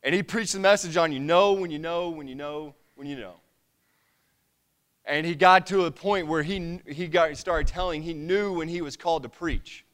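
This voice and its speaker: Man in his 30s, church testimony, smooth resonant voice, stumbling earnest delivery. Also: fairly high pitch, fairly bright tone. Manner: earnest, halting with frequent restarts. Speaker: lay preacher giving testimony.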